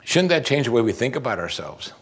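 A middle-aged male pastor delivering a sermon in a husky, slightly breathy voice at an ordinary middle pitch. He drives his points home with emphasis, pausing for musing hums and putting rhetorical questions to his listeners. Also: big pitch swings.

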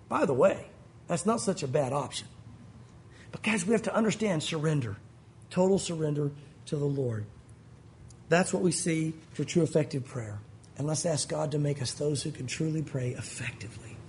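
A man preaching a sermon as pastor, animated and earnest, his voice rising and falling. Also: a little high, a little fast.

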